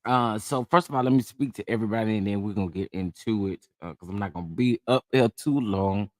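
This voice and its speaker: A man's voice: lowish voice, brisk, no echo, studio quality. A man hosting a casual live chat, feeling under the weather, greeting viewers by name in a chatty, drawling way. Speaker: livestream host.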